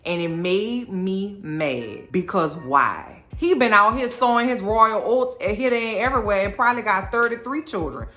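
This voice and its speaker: A woman with a New Orleans accent, chatting through a TV episode recap in an animated, playful way and acting out the characters' lines. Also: medium pitch, moderate pace, hardly any pauses, soft background music. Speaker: recap host. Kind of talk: casual TV recap chat.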